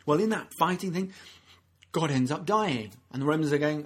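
A man with a slightly high, husky voice and lively intonation preaches at normal speed. His sermon is earnest and conversational; he keeps restarting sentences and acts out the people he quotes.

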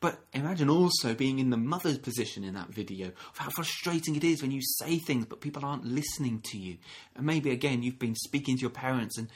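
A man giving a gentle, reflective sermon, often restarting phrases and acting out short quotes. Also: medium pitch, lively intonation, quick pace, hardly any pauses, slight background noise. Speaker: minister.

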